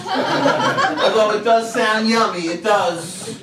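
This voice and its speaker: A high-pitched man in his forties performs a stand-up set in a comedy club, landing self-mocking punchlines and slipping into voices for the people in his stories. The room rings with echo and the mic sits at a distance. A packed crowd laughs loudly throughout. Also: steady tone, slow pace. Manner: punchy self-deprecating delivery with act-out voices. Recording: echoey club taped from afar. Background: audience laughter.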